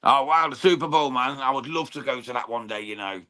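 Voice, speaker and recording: A man from England with a medium-pitched, sharp-toned voice speaks a little fast. He's the host of a live boxing watchalong, keeping the chat casual with viewers, saying "mate" often, swearing freely, and commenting on the fight.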